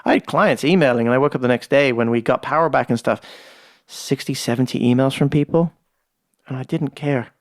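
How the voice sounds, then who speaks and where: A man's voice: medium pitch, a little fast, no room sound, clean studio sound. A man chatting as a podcast guest, telling stories with gusto, acting out what others said and swearing casually. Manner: lively storyteller, acts out quoted dialogue, swears casually. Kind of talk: casual conversation. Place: ranch.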